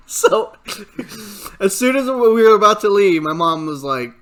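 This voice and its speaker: A man's voice: high-pitched, measured pace, long pauses, a bit bright, raised voice. A man co-hosting a casual podcast, who swears freely and laughs often while telling stories. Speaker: podcast co-host.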